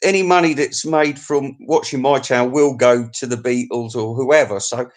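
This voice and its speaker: A man's voice: medium pitch, steady tone, normal speed. Brief: male live-stream host, cheeky and crude, rambling chat to viewers at his desk mic.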